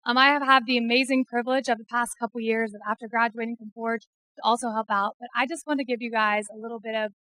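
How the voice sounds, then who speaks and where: Fast-talking young woman giving a speech. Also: on the high side, steady tone, bright, forceful tone, no echo, poor audio. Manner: quick, grateful, polite. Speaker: graduate speaker. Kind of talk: prepared speech.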